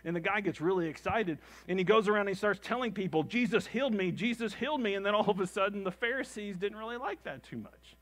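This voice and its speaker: A man preaching a sermon as pastor, animated and repetitive for emphasis, acting out the people he quotes. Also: sits high, fast talker, few pauses. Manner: animated, repeats phrases for emphasis, acts out quotes; calls the congregation "gang".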